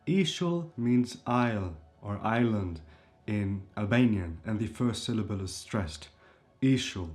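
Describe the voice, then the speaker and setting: A male language teacher explains stress rules to camera in a level, mid-pitched voice. He sounds each example word carefully, then says it again. Faint music plays under him. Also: darkish tone. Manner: repeats each word slowly twice. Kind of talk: explaining and modeling pronunciation to camera.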